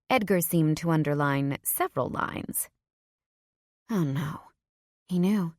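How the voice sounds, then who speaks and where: Female romance narrator, slightly low voice, dry close-mic read. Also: darkish tone, no echo. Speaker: audiobook narrator. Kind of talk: first-person romance narration.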